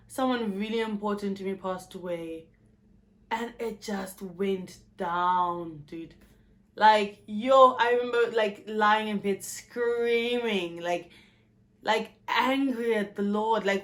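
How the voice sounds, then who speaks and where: A South African woman in her twenties, talking frankly and with profanity in a candid personal vlog, telling her story in an animated way. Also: medium pitch, slow pace. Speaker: YouTuber.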